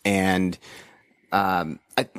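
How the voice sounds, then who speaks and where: A middle-aged man co-hosting a casual podcast over a remote call, rambling and swearing with halting restarts. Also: low voice, little pitch movement, fairly bright tone, smooth, no room sound. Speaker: podcast co-host.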